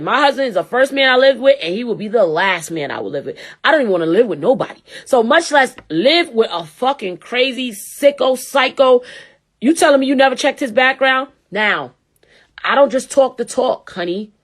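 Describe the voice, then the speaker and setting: A woman's voice: a little high, lively intonation, fairly quick. A woman host giving blunt, profane, heated commentary to her viewers. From New York. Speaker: show host. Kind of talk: ranting commentary.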